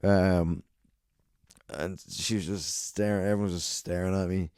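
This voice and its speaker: Low, mellow-voiced comic telling stories. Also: male voice, steady tone, a little slow, clear, resonant tone, no room sound, studio quality. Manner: profane, laughs through his own anecdotes. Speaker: comedian and podcast host. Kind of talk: casual storytelling monologue.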